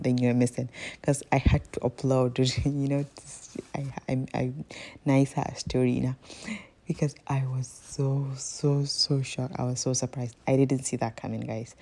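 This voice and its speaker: Gravelly low-voiced woman. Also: dark tone. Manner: chatty, rambling, keeps addressing viewers as guys. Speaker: cooking vlogger. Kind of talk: casual cooking vlog.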